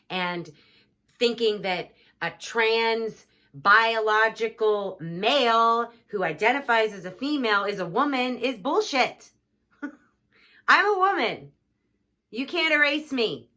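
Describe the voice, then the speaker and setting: A woman from the United States giving a heated, earnest personal testimony to camera, with halting restarts. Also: fairly high pitch, sharp tone. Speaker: vlogger telling her personal story.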